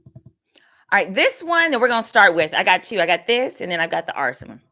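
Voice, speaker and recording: A woman's voice: medium pitch, big pitch swings, brisk, pushed and bright. A woman attorney hosting a casual livestream of legal commentary, talking candidly and reading viewer comments aloud. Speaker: attorney and host.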